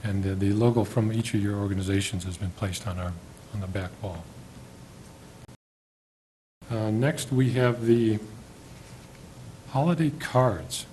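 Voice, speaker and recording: A man chairing a school board meeting, friendly and a little halting, unsure of how to say some names. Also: on the low side, mellow, a little hiss or hum, low-quality recording. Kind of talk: meeting proceedings.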